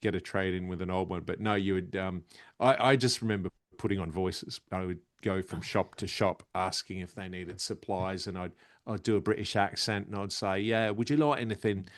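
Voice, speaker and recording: Australian man, comedian guest, animated storytelling, low voice. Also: normal speed, dry recording. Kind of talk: casual interview chat.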